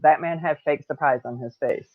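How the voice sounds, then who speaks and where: A woman's voice: deep voice, normal speed, no room sound. Woman, late 30s, candid profane storyteller; tinny, dry, lo-fi recording. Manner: blunt, heavy swearing, laughs between lines. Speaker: vlogger telling a personal story. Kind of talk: casual storytelling to camera. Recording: tinny dry phone-like sound.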